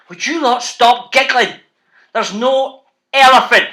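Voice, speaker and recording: A man's voice: very high voice, takes it slowly, bright, forceful tone. A man with a Scottish accent, an author hosting a children's reading show, playful and bouncy as he calls out to the kids. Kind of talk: lively talk to school classes.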